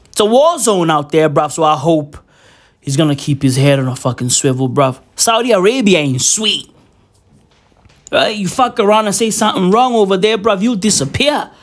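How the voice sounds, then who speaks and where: A young man with a high-pitched, expressive voice vlogs from home at New Year, speaking at normal speed. His casual rant to camera is profane, rambling, and mock-serious, loaded with slang.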